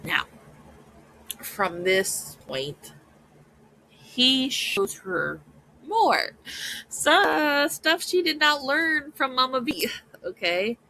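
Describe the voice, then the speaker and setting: A woman's voice: high-pitched, very animated, very slow, pauses often, pushed and bright, low-quality recording. A woman podcast host recapping a story in casual commentary, chatty and often checking in with "right?".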